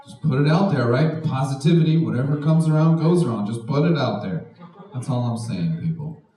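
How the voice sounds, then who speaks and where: A young man doing a stand-up comedy set, animated, often jumping into high mocking voices for the people he quotes. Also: brisk. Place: art house venue with live audience. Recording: echoey room, distant mic, faint noise. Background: audience laughter.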